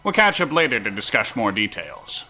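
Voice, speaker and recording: A man's voice: on the low side, sing-song, moderate pace, pushed and bright, faint music behind, exaggerated voice. A man reading out a game's harbor master in a raised, theatrical, formal voice. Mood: grandiose.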